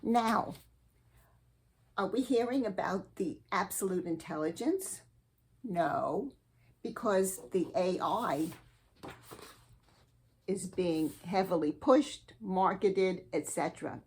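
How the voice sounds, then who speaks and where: A woman hosting a spiritual advice show, giving a slow, earnest and sweetly eccentric comic monologue. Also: on the low side, lively intonation, darkish tone, slightly rough.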